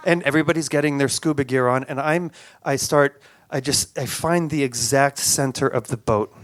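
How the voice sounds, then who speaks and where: A man telling a story on stage, animated and stumbling, circling back over repeated words before pushing on. His voice sits fairly high for a man and leaps up and down as he acts out sounds and quotes. The sound is close and dry, with almost no room. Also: brisk, no echo. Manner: acts out sounds and quotes with big pitch jumps. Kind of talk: live personal storytelling. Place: stage show.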